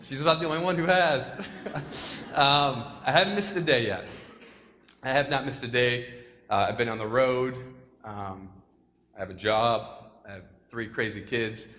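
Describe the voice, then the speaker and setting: Speaking to a school assembly before an audience in a large hall, a man delivers a chatty, self-deprecating motivational talk full of jokes, occasionally getting choked up. His medium-pitched voice is bright and forceful at normal speed with long pauses, and the recording carries long hall reverb and faint room noise.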